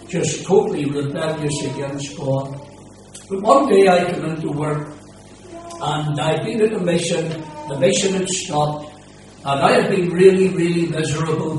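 An older pastor giving his personal testimony in earnest, emphatic storytelling, his voice rising on the key moments. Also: a little high. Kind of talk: personal testimony before a congregation. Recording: echoey hall, distant mic, steady noise.

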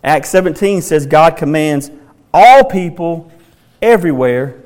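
A man delivers a sermon in a noticeably high voice. He works through scripture passages and repeats key questions with dramatic, drawn-out emphasis. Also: lively intonation, darkish tone. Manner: emphatic, dramatic rereading of quoted lines. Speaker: pastor.

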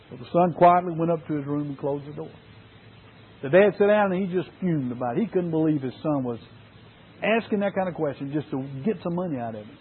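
A man's voice: fairly high pitch, fairly quick, slightly rough. A man preaching an earnest sermon to fathers, using emphatic repetition. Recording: tinny phone-like sound.

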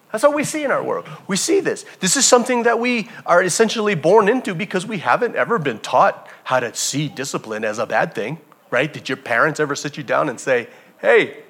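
A man preaching a sermon as pastor, telling stories with animated energy and addressing the congregation as family. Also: fairly high pitch, fairly quick, husky.

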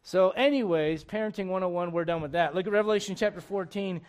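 A man preaching a sermon in church, animated and digressive, with frequent asides to the congregation. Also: high-pitched, fast, clean tone. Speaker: pastor. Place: church sanctuary.

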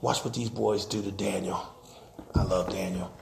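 A man preaching a sermon as pastor. He swings from loud to hushed and laughs as he preaches. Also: low-pitched, steady tone, normal speed, vocal fry, reverberant. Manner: laughs while preaching, acts out quoted voices.

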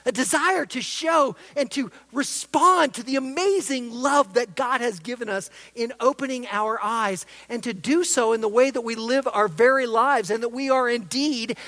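A preacher giving an expository sermon, emphatic, swinging between loud stresses and soft asides. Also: medium pitch. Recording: long reverb of a large hall.

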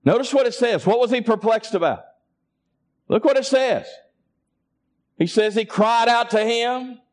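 A man's voice: very high voice, unhurried. A man preaching a sermon and calling for responses from his congregation. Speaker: pastor.

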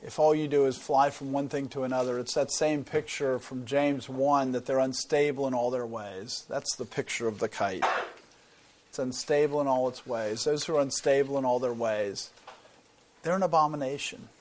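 A man delivers a Bible teaching in an earnest, explanatory way, at a middle pitch. He often restarts a phrase and repeats a word while he works out his point. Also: steady tone, normal speed, a little mellow, a little hiss or hum. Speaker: preacher.

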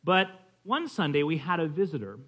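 A man's voice: a little high, very animated, normal speed, fairly bright tone. A man teaching a class on church history in a conversational way, telling stories and often checking in with his listeners. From California.

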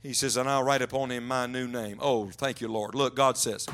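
A man preaching a sermon to young adults, telling stories and often dropping to a hushed, low voice for emphasis. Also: level tone, normal speed, slight background noise. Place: large church auditorium.

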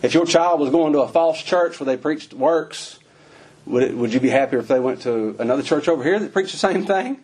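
A man's voice: on the high side, lively intonation, a little fast, a little mellow, breathy edge. A male pastor, preaching a folksy, emphatic sermon full of rhetorical questions.

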